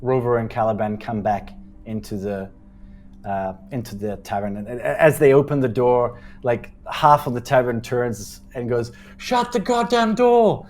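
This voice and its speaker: A man serves as game master for a tabletop session. He narrates in a relaxed, conversational way, tossing in fillers and making up details on the spot. His voice sits at an ordinary middle pitch. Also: normal speed. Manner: casual, improvising with fillers.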